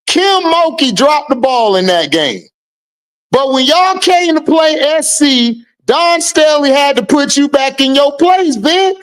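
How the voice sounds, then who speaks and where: A livestream host talking casually and loudly, teasing viewers and repeating taunts with bursts of laughter. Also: high voice, animated, takes it slowly. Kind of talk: casual livestream trash talk.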